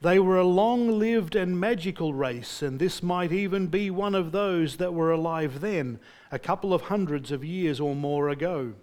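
A proud, gruff dwarf leader from a storybook reading, as a preacher gives him voice. He speaks with earnest warmth, pitched a little higher than the reader's own voice and somewhat louder. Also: normal speed, lightly acted. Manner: earnest, read aloud from a book.

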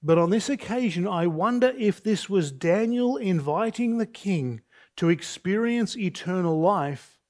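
A man preaching an expository sermon, measured and deliberate, reading scripture aloud between points. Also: expressive, darkish tone. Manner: deliberate, measured preaching with slow emphatic phrases; reads scripture aloud with raised pitch for quoted speech. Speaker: pastor.

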